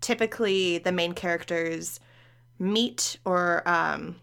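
Gravelly-voiced woman podcast host. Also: lowish voice, slow. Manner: animated, laughs often. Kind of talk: casual chat about books.

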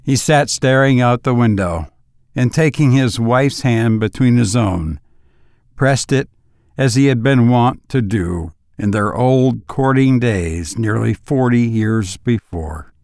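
Slow, measured male storyteller. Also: mid-range voice, gravelly, darkish tone, no echo, clean studio sound. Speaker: audiobook narrator. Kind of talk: scripted narration.

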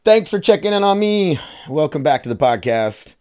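This man's voice sits on the high side, very animated and a little mellow, at a moderate pace, with a little hiss or hum in the recording. He's an American hosting his own podcast in a casual solo monologue, rambling, swearing, calling listeners "you guys" and getting emotional and choked up.

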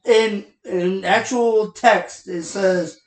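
A woman's voice: mid-range voice, steady tone, drawn-out words, echoey room, poor audio. A woman co-hosting a casual podcast, blunt and argumentative, swearing often and a little tipsy. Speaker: podcast co-host. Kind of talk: casual chat.

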